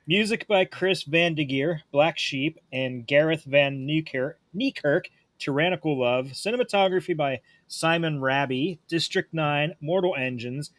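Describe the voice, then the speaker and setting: A man's voice: fairly high pitch, a little slow, few pauses, fairly bright tone, dry recording. A man co-hosting a horror movie podcast, laid-back, with the hiccups, reading out film credits. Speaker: podcast co-host. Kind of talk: casual podcast chat and reading show notes.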